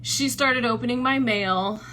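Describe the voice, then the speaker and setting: Chatty bright-voiced woman telling a story. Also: fairly high pitch, a little slow. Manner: chatty, full of likes and ums, acts out quoted lines. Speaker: host of a book club show. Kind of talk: casual personal storytelling.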